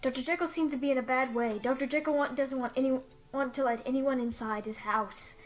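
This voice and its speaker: Chatty high-voiced woman gaming host. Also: fairly even intonation, fairly quick. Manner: chatty, upbeat, reads game text aloud. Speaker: let's-play host. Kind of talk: casual game commentary. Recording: faint background music.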